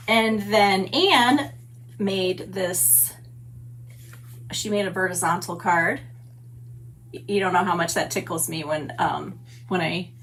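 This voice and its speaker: This middle-aged papercraft streamer greets her viewers by name in a gushing, chatty way from her stamp room at home. Her voice leans low yet a bit bright, and a faint hiss or hum sits under the recording.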